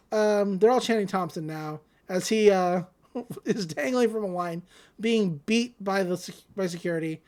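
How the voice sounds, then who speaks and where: A woman's voice: mid-range voice, normal speed, a little mellow. Woman podcast host, casual chatty recap, middling voice, lots of fillers.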